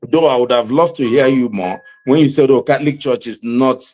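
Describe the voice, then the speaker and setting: A man's voice: medium pitch, brisk, darkish tone. A man from Nigeria hosting a panel talk show, hedging with lots of "you know" as he steps into the debate.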